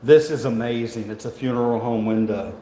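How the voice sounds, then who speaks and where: A rambling, joking man talks to his viewers on a handheld phone. His voice is mellow and low-key, and it bounces around echoey rooms over a faint hum of ambience. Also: fairly quick. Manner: chatty, joking, rambling, laughs often. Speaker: vlogger. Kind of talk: casual vlog walkthrough. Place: indoor museum halls.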